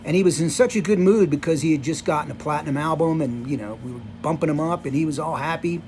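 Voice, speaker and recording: Talking fast in a slightly high voice with a darkish tone, a man in his sixties rambles on camera through rock-tour stories from his past, full of "you know" and "like." There's a little hiss or hum in the audio.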